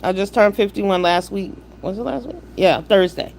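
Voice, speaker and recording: There's a little hiss or hum behind this medium-pitched, slightly mellow voice of a woman in her 50s speaking at a moderate pace. Hosting a live stream, she gives chat shout-outs, fires rhetorical questions and lectures viewers bluntly and profanely.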